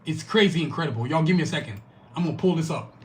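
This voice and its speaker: A man's voice: a little high, expressive, rapid-fire. A man from Nigeria hosting a podcast, delivering an angry, profane, emphatic monologue. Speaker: podcast host.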